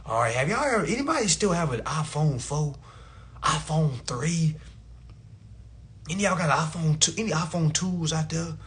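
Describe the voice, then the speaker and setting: A man with a high voice hosts a livestream in a loose, casual rant. His tone is bright and forward, and he talks bluntly, swears freely and mocks people who disagree with him. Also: animated, moderate pace. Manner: blunt, profane, mocking. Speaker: livestream host.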